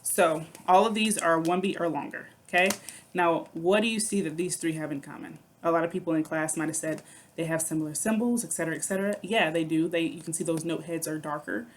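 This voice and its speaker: A woman's voice: low-pitched, a little fast, slight background noise. A woman music teacher explaining rhythm syllables in a recorded lesson, patient and step by step, checking in with "okay".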